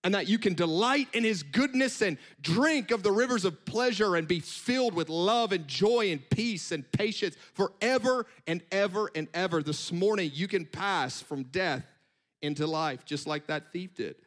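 A man delivering a sermon from the pulpit, his voice sitting high for a man. He talks in a lively, conversational way, breaking off for quick asides as he makes his points. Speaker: preacher.

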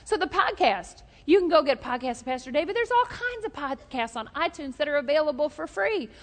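A woman's voice: sits high, big pitch swings, a little fast, big-room sound. A woman pastor preaching a sermon, telling jokes and stories and leading the congregation in call-and-response.

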